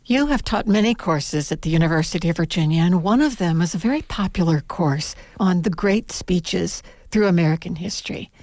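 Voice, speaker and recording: A woman interviewer asking measured, well-informed questions. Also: on the low side, expressive, a little mellow, no echo, studio quality.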